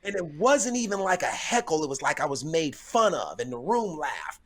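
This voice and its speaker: A middle-aged man, a guest comedian on a podcast, whose voice sits a little high for a man. He talks thoughtfully and loops back over his words before landing each story. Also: big pitch swings, moderate pace, slight background noise. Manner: thoughtful, repeats himself as he gathers his thoughts. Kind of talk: casual chat, storytelling.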